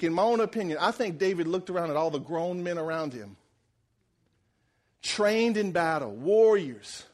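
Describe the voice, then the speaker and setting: A man preaching a sermon, telling a story with animated energy, acting out the characters' lines and laughing often. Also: fairly high pitch. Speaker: pastor.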